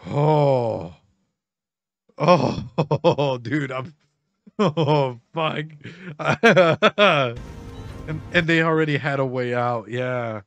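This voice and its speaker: A man's voice: medium pitch, drawn-out words, fairly bright tone, soft background music. A man giving casual reaction commentary as a streamer, emotional, laughing often and swearing.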